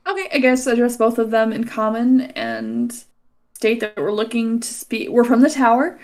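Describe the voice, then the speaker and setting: A woman's voice: fairly high pitch, fairly even intonation, moderate pace, a little mellow. A woman playing in a tabletop game, a little hesitant and self-deprecating. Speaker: player.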